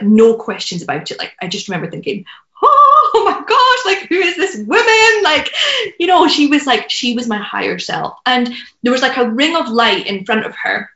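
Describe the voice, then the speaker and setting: A woman's voice: mid-range voice, a bit bright, muffled recording. Earnest woman telling a story, roomy sound. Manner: earnest, heartfelt, many fillers. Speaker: podcast guest, business mentor. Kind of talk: personal storytelling in conversation.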